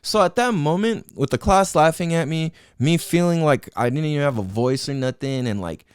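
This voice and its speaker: A man's voice: on the high side, animated, normal speed, smooth, no room sound, clean studio sound. A young man hosting a podcast, telling a personal story in a casual, profane, rambling way full of "like" and "you know what I'm saying". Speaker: podcast host. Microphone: headphones with mic.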